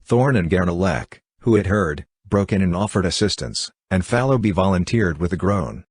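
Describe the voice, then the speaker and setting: A man reading a classic novel aloud as an audiobook narrator, in an even, measured way. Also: deep voice, husky, no room sound. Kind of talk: scripted narration.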